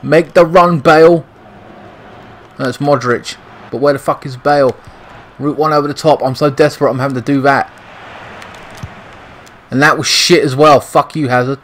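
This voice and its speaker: A man's voice: mid-range voice, flat delivery, moderate pace, pauses often, fairly bright tone, slight background noise, rough recording. A young British man giving frustrated, swear-heavy commentary over a football video game. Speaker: gaming YouTuber. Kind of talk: gameplay commentary.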